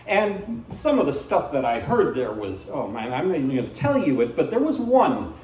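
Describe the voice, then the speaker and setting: A man's voice: fairly high pitch, very animated, normal speed, a little mellow, recorded from a distance, a little hiss or hum. Rambling stand-up man in an echoey cafe. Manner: rambling, many restarts and fillers. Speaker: stand-up comedian. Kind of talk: live stand-up comedy. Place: small cafe venue, indoors.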